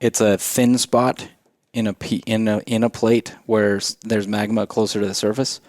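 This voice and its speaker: A man's voice: fairly low pitch, flat delivery, normal speed, darkish tone, no echo, clean studio sound. A man co-hosting a podcast, explaining things at length in casual, laid-back chat. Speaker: podcast co-host.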